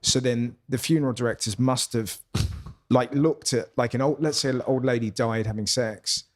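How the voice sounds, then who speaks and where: A man's voice: mid-range voice, fairly even intonation, moderate pace, a little mellow. A man, a guest comedian talking in a reflective, musing way that often trails off and restarts. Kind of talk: casual conversation.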